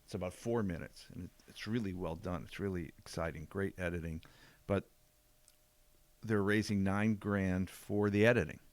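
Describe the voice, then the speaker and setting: An older man chats easily on a podcast in a very low, deep voice. The sound is dry and close, with no room around it. He drifts and trails off mid-thought. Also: moderate pace, no room sound. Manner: easygoing, trails off mid-sentence. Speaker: podcast co-host, jiu-jitsu black belt. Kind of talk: casual podcast chat.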